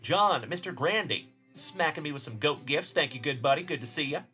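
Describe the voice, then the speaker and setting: A man's voice: on the high side, animated, brisk, soft background music. A man from Texas hosting a live card-opening stream, chatting casually and cheerfully calling out viewers by name. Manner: upbeat, shouting out chat viewers by name. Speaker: card-breaking livestream host.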